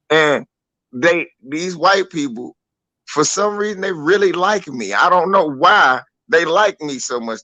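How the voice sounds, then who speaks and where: A man tells a story on a studio talk show with casual, profane, animated energy. His voice sits a touch high and rings bright and forceful. The sound is dry and close, with no room around it. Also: dry recording. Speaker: radio show co-host.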